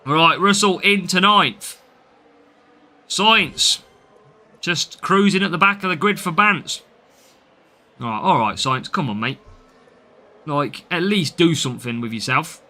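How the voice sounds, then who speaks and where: A young man with a Midlands accent commentates his mobile racing game live, talking casually to his viewers and welcoming them one by one. His voice is very bright and sharp, and it sits a little high for a man. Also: animated, measured pace, pauses often. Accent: English Midlands. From English Midlands. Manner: chatty, reads out and answers viewer names. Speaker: game streamer.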